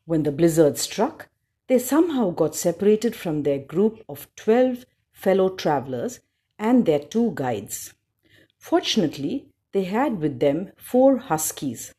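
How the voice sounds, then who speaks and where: Storyteller, woman, low warm voice, lively rises and falls, unhurried. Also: husky. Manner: slow, expressive read-aloud with small slips. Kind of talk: storybook narration.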